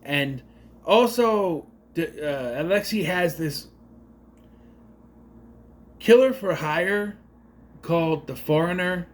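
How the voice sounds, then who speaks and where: A man's voice: a little high, animated, takes it slowly, long pauses. A man giving a casual spoken movie review, rambling with unsure asides and self-corrections.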